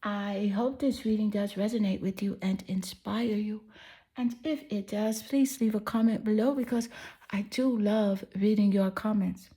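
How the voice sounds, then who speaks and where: A woman's voice: medium pitch, steady tone, measured pace, warm tone. A woman giving a pick-a-card tarot reading to her viewers, talking in a soothing, affirming and chatty way. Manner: soothing, affirming, chatty with "you know" fillers. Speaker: tarot reader.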